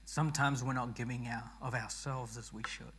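A man preaching a sermon as pastor, hoarse and losing his voice, earnest and rousing, often restarting his words. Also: medium pitch, fairly even intonation, fairly quick, a bit bright.

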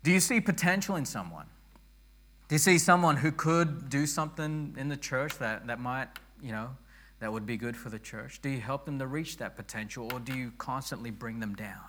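A man preaching a sermon as pastor, hoarse and losing his voice, earnest and rousing, often restarting his words. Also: medium pitch, normal speed, fairly bright tone.

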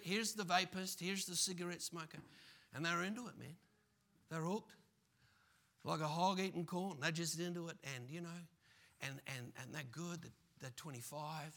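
A man preaching a sermon as pastor, animated and full of playful asides. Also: a little high, gravelly.

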